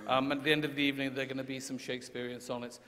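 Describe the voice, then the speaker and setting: A man's voice: mid-range voice, level tone, rapid-fire, sharp tone. A man hosts a live literary evening from the stage, loose and jokey, with plenty of ums along the way. His voice is a mid-range male voice. A long hall reverb hangs on his words. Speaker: event host. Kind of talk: casual stage hosting. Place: large concert hall on stage.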